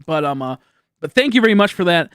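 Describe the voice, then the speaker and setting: A young man streams from home, talking to his chat in a loose, rambling way and breaking into laughter often. His voice sits a little high for a man. The sound is dry and close to the mic. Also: big pitch swings, quick pace, fairly bright tone, clear, resonant tone, no room sound. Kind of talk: casual live-stream chat.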